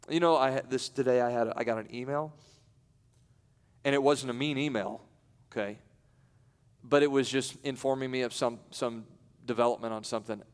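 A pastor delivers a sermon at an ordinary middle pitch and moderate pace, drifting between chatty, half-finished asides and sudden high, forceful bursts of emphasis. He swings from loud peaks to quiet remarks, interrupting himself and laughing lightly. His clean tone rings with a long hall reverb.

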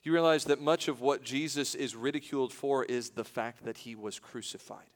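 A man's voice: mid-range voice, steady tone, moderate pace. Preaching man in a reverberant hall. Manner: dramatic, swings from loud to hushed. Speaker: pastor. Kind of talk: sermon.

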